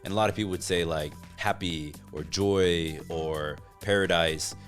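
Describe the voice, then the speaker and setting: A man speaking as a podcast guest in casual interview chat, relaxed and full of "like" fillers. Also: deep voice, measured pace, faint music behind. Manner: relaxed, filler-heavy talk with frequent "like". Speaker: podcast guest, gym co-founder.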